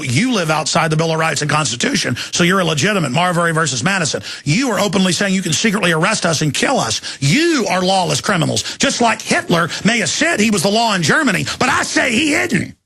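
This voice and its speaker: Gravelly, ranting male talk host. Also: high-pitched, lively intonation. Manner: ranting, shouting in bursts, emphatic slowdowns. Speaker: radio talk show host. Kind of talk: impassioned monologue.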